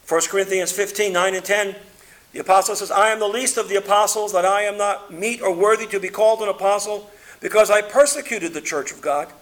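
A man preaching a sermon, reading scripture aloud and swinging between loud emphatic peaks and quiet low passages. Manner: reads scripture aloud in King James wording.

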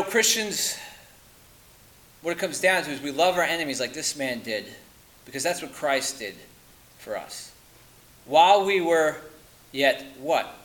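A man preaching a sermon, emphatic and insistent, firing rhetorical questions and dropping to quiet at the ends of lines. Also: a little high, low-quality recording.

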